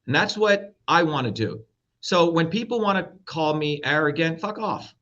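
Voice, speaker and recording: A man's voice: on the high side, animated, moderate pace, a bit bright. A middle-aged man from India, a presidential candidate talking as a guest, blunt, combative and profane. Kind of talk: heated interview talk. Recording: dull lo-fi audio.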